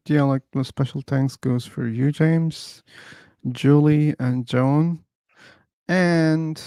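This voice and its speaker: A man hosting a livestream on a computer mic, thanking his chat one by one in a halting way. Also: medium pitch, dark tone, dry recording, clean studio sound. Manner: slow, halting, reads out chat names. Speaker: livestream host.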